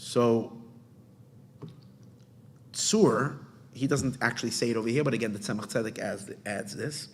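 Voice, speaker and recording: A rabbi teaches a Torah class in an earnest, explanatory way, often restarting phrases and mixing in Hebrew terms. His medium-pitched voice is a little slow with long pauses. The recording has a long hall reverb and a little hiss or hum.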